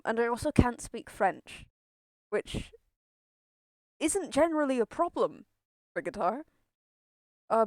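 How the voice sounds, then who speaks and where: A woman's voice: on the high side, a little mellow, no room sound. A young woman streaming a game, chatting in a rambling way, swearing and laughing often. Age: young adult. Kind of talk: casual gameplay chatter.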